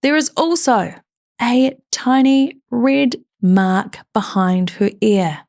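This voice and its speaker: A woman narrates a true-crime case on a chatty podcast, leaning into the drama of each turn. Her voice sits high and bright, and she moves the story along briskly.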